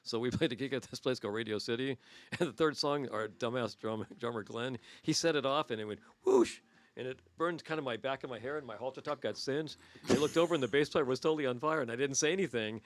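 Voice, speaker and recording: A man in his sixties hosting a podcast, telling crude stories quickly and laughing between lines. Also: mid-range voice, no echo. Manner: fast, crude, laughing anecdotes. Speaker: podcast host. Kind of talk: raunchy casual storytelling.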